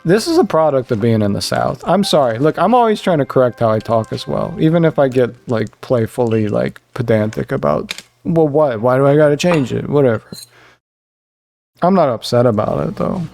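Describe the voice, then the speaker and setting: A young man chatting casually while streaming a game, rambling and animated, jumping high when he quotes other people. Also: moderate pace, vocal fry, soft background music.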